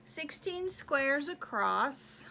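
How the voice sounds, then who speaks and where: A chatty woman hosts a knitting show, rambling as she shows her projects and counts squares aloud. Her voice sits a little high, with a bright, forward tone. She takes her time, unhurried, over a faint background hum. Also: very animated, creaky. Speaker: knitting podcast host. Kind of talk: casual show-and-tell chat.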